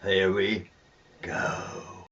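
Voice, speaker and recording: An older man hosting his own show in a chatty, relaxed way. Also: sits low, extremely slow, dull audio, background noise. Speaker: host. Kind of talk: casual chat.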